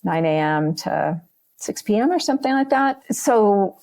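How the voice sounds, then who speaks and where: A woman's voice: mid-range voice, unhurried, vocal fry. A woman guest on a podcast, talking loosely about leading wilderness retreats, with lots of casual fillers. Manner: relaxed, many fillers like "like" and "you know". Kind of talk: podcast conversation.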